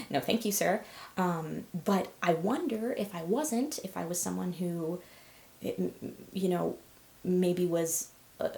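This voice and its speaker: A young woman hosts a personal storytelling vlog, sharing candid stories conversationally with frequent filler words and brief laughs. Her voice is fairly low and darkish with vocal fry, heard in an echoey room.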